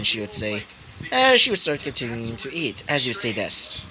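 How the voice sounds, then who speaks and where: A man's voice: medium pitch, very animated, normal speed, low-quality recording. A man improvising a fan-story narration, rambling with many fillers and you-knows, with crowd noise behind.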